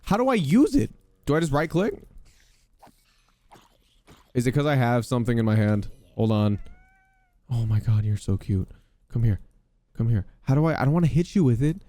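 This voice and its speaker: A young man talks over his gameplay, loud and easily excited, with plenty of swearing. His voice leaps up and down constantly as he reacts. The sound is close and dead, with no room around it. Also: mid-range voice, normal speed, pauses often, dry recording. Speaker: podcast host. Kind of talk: gaming commentary.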